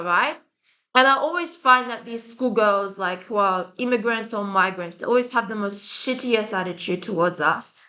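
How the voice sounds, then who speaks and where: A woman ranting straight to camera in an agitated vlog. She swears often and trips over restarts as she goes. Her voice sits a little high and has a sharp, bright edge. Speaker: vlogger. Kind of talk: heated monologue to camera.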